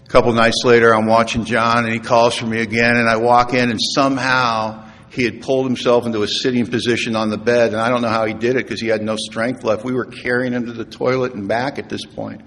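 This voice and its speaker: A middle-aged man stands before a recovery meeting and tells his story earnestly, with a middle-range voice. He drops into hushed, quiet tones at the tender parts. The long reverb of a large hall surrounds his voice. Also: medium pitch, flat delivery, a little fast, few pauses. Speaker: AA speaker. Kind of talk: personal recovery talk to an audience.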